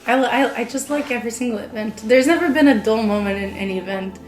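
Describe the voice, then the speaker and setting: A woman's voice: a little high, fast. A young woman talking casually in an interview as a live-action role-player, enthusiastic and reflective. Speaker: LARP player. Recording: roomy echo with faint music.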